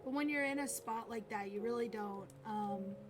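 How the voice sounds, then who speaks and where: A woman streamer telling a personal story to camera in a halting, hesitant way, often pausing and restarting. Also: a little high. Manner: halting, hesitant, with many pauses and fillers. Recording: clear instrumental music in background.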